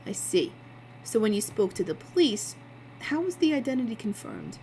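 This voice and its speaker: A woman voicing a calm male investigator who asks measured, probing questions in a slightly lowered voice. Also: creaky, slight background noise, heavily acted, low-quality recording.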